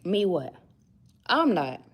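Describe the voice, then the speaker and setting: This young woman's voice is on the low side, breathy at the edges, with wide swings in pitch and an unhurried pace. She's vlogging at work, chatting casually to the camera and drifting from thought to thought as she muses aloud.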